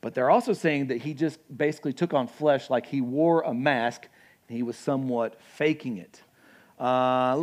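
A young adult man, serving as pastor, preaches a sermon in a mid-range voice, conversational and animated, with asides and acted-out quotes.

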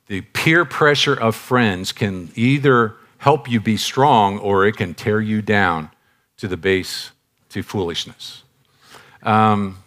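A man in his sixties giving a sermon, confessional and direct, moving from loud emphatic bursts to soft hushed phrases and repeating key lines. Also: on the low side. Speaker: preacher.

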